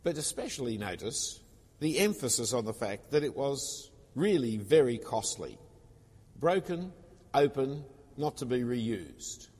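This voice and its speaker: A man's voice: mid-range voice, a little mellow, husky. A man preaching a sermon, explaining scripture in an expository way with casual personal asides. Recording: long reverb of a large hall.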